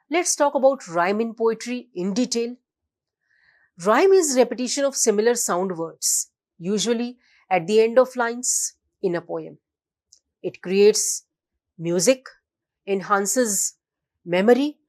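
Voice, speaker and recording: A woman giving a recorded lecture, slowly reading out definitions and examples, with a few fillers and restarts. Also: medium pitch. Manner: slow, deliberate, reads out definitions and examples.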